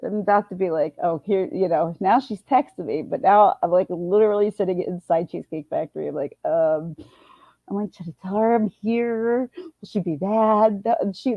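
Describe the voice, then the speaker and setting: A woman's voice: medium pitch, steady tone, moderate pace, no echo. A middle-aged woman, chatting casually on a livestream, rambling with many restarts. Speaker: livestream host. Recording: dull, dry lo-fi sound.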